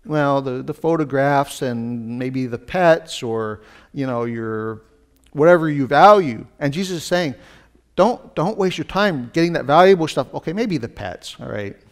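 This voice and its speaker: A man's voice: medium pitch, lively intonation, a little slow. A man pastor preaching a sermon in a conversational way, with casual asides and rising emphasis on his key points.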